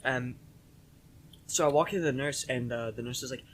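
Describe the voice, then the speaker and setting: A young man co-hosting a casual podcast, telling a story in a rambling, animated way with lots of fillers. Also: mid-range voice, moderate pace, background noise. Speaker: podcast co-host.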